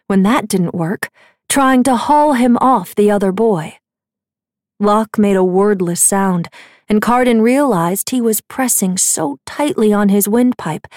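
A woman reads a scripted fantasy audiobook in a calm, steady storytelling voice. Her pitch is medium, and the clean studio recording carries no echo.

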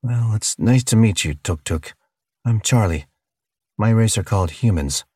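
A man's voice: on the low side, expressive, measured pace, darkish tone, husky, dry recording, studio quality, voice pushed up. A man voicing a bewildered young human captive who answers with sarcasm and curses. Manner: sarcastic, cursing.

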